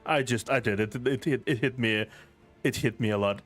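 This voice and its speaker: A man's voice: mid-range voice, moderate pace, fairly bright tone. A man streaming a game, reading the story text aloud and chatting, laughing and swearing easily, a bit teary-eyed.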